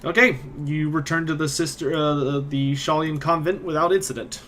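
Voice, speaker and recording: A man narrating a tabletop role-playing game as game master, moving quickly between narration and character lines. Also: fairly high pitch, fairly even intonation, fairly bright tone, slight background noise.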